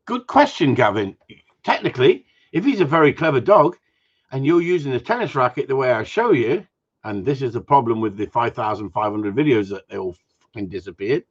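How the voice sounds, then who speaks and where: An Englishman runs a casual live Q&A for dog owners, blunt and jokey and quick to swear. His voice is husky, and his pitch rises and falls a great deal. The stream audio is dull and lo-fi. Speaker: dog trainer hosting a live Q&A. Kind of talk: casual chat answering viewer comments.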